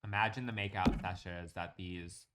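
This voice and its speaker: A man's voice: low-pitched, steady tone, moderate pace, heavy background noise. A young man streaming, chatting casually and rambling with lots of fillers while he plays a building game. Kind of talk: casual live-stream chat while gaming.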